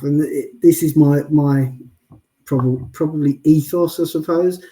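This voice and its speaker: A man telling stories as an interview guest, chatty and deadpan, often adding "I'll be honest with you.". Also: medium pitch, moderate pace. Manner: self-described sarcastic and deadpan, frequent "I'll be honest with you"; chatty storyteller with many restarts. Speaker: guest, wheelchair athlete. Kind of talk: casual interview chat.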